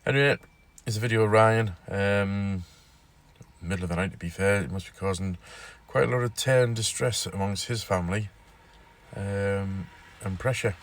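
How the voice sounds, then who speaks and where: A man's voice: fairly low pitch, normal speed. Rambling male news vlogger. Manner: rambling, repeats himself with fillers. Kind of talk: casual news vlog.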